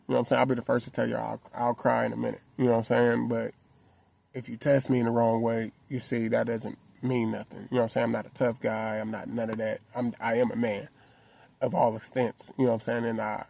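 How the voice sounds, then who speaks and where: A man's voice: mid-range voice, vocal fry, dark tone. A man in a parked car, talking earnestly and heartfelt to his viewers in a casual, conversational way. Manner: earnest, heartfelt, conversational with frequent "you know what I'm saying". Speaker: vlogger. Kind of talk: reflective personal talk to camera.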